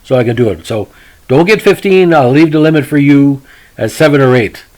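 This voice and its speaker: A man hosting a hockey history podcast alone, in an ordinary mid-pitched voice. He rambles in a folksy way, and his sentences fill up with fillers and restarts. He keeps turning to his audience with old-fashioned announcer phrases. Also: animated, fairly quick, low-quality recording. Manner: folksy, repeats "ladies and gentlemen", many fillers and restarts. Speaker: podcast host.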